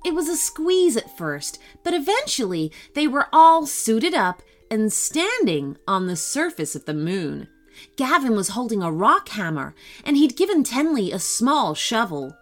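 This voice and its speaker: A woman narrates a children's adventure story in a scripted, gently animated way. Her pitch moves expressively, and soft music plays underneath.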